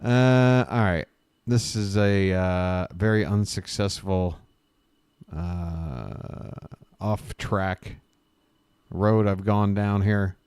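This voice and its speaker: Slow, sarcastic male stream host. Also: low-pitched, darkish tone, clear, resonant tone, no room sound. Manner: joking, sarcastic riffing; rambling, self-interrupting. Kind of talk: casual live-stream commentary.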